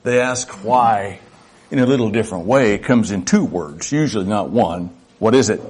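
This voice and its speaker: A man's voice: lowish voice, lively intonation, normal speed, darkish tone, slightly rough. An older man preaching a sermon to his church, folksy and reflective, sometimes acting out little dialogues. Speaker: pastor.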